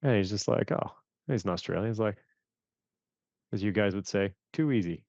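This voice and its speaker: A man from Canada talks through investing stories in a low, gravelly voice, slipping into quoted reactions with animated energy. The sound is dry and a bit dull, with little room around it. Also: normal speed, dry recording. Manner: animated, acts out his own reactions in quotes. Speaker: fund manager guest. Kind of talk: casual interview storytelling.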